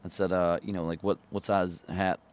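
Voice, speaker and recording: Man, very deep voice, musician guest, laid-back rambling story, lots of fillers. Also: moderate pace, clean tone. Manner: rambling, relaxed, many fillers, laughs at own story. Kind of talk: casual storytelling chat.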